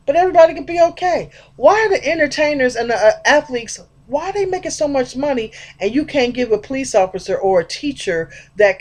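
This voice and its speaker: A woman vlogger talking in a rambling, chatty monologue about spiritual ideas, addressing her viewers directly. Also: on the high side.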